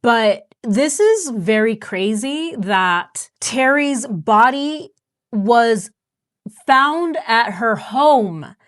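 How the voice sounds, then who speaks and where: A woman's voice: a little high, animated, extremely slow. A woman hosting a true crime reaction show, talking through a clip and reading out search results with incredulous questions.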